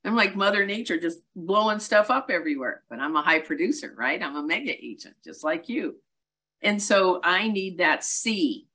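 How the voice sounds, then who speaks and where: Brisk, emphatic woman coaching on a webinar. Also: on the low side, expressive, sharp tone. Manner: brisk, emphatic, self-deprecating coaching talk. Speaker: real estate coach. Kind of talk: webinar presentation.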